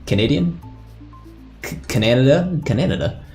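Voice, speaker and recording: A man's voice: medium pitch, animated, unhurried, darkish tone, soft background music. A man chatting casually on a live stream as a server admin, thinking aloud and laughing often.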